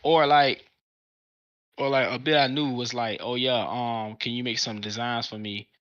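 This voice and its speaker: A man in casual, slangy podcast chat who talks forcefully and cuts in on the others. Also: medium pitch, steady tone, normal speed. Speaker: podcast co-host. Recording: dull lo-fi sound.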